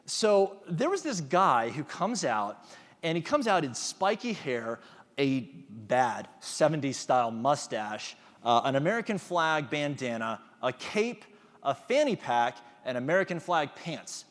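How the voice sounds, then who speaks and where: A man's voice: on the high side, sing-song, a little slow, long reverb tail. A man giving a motivational talk to an audience, engaging them with questions. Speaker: conference speaker.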